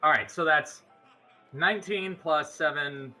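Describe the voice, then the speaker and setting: A man's voice: fairly high pitch, a little slow, sharp tone, faint music behind. A man playing a tabletop game, eagerly describing his character's attacks and asking about the rules, with some uhs. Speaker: player.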